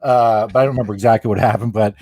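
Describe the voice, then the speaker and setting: A man's voice: fairly low pitch, steady tone, rapid-fire, a little mellow, no echo, clean studio sound. A guest comedian in his forties, reminiscing in casual chat with a rambling, restarting manner. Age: 40s.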